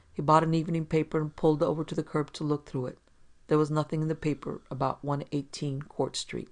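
An audiobook narrator tells a hardboiled 1940s crime story in a gravelly, fry-edged voice. The delivery is flat and steady, with little rise or fall. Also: mid-range voice. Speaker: podcast narrator.

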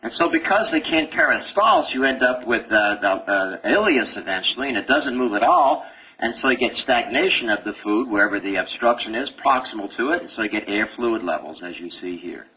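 In a lecture hall, a middle-aged man gives a live medical lecture, animatedly joking and telling stories that get laughs from his students. His husky, medium-pitched voice moves a little fast, and the lo-fi recording is dull with faint hiss.

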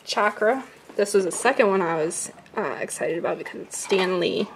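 A woman's voice: mid-range voice, slight background noise. A woman vlogging casually at home, chatting while she unboxes and reads out comic titles. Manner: chatty, slow when reading titles.

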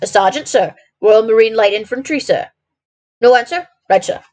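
A woman voicing a gruff middle-aged male messenger, a former sergeant, with short clipped replies. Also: a little high, moderate pace, darkish tone, lightly acted.

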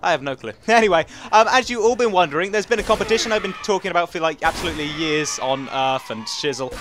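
A young man with an English accent giving casual, rambling commentary over a game, excitable and laughing often. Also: on the high side, fast talker, background noise. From England. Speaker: gaming commentator.

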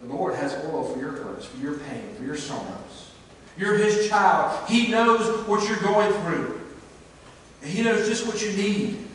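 A man preaching a sermon, telling a story in an earnest way, dropping to a hush and then rising to emphasis. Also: high-pitched, lively intonation, unhurried, slight background noise. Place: church sanctuary. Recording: echoey church hall, mic at a distance.

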